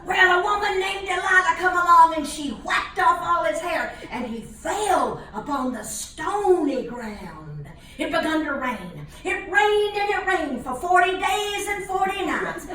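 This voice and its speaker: Older storyteller, preacherly folksy cadence, bright high voice, echoey distant room sound. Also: female voice, animated, measured pace, few pauses. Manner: dialect-tinged, preacher-like cadence.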